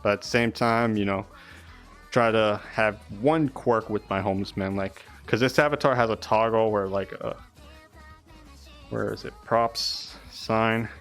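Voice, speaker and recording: A man's voice: fairly low pitch, steady tone, unhurried, fairly bright tone, faint music behind. A young man chatting casually and rambling on a live stream, swearing often.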